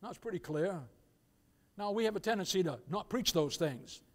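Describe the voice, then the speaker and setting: An older man preaches in a church, his voice sitting high for a man. He drops to soft, intimate storytelling and then climbs to loud, fervent declarations. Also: animated, moderate pace. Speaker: pastor. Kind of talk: sermon with storytelling. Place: church sanctuary.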